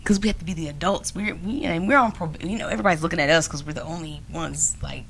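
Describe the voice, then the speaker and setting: A woman co-hosting a podcast, telling a story in casual chat, animated and often laughing, acting out other people's lines. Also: deep voice, quick pace, vocal fry, slight background noise. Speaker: podcast co-host.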